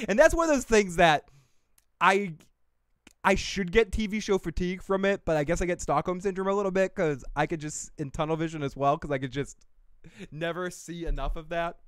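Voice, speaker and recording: A man's voice: high-pitched, brisk, fairly bright tone, clean tone, no echo, clean studio sound. A man hosting a casual livestream, rambling and profane, and laughing often. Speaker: show host. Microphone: desk mic.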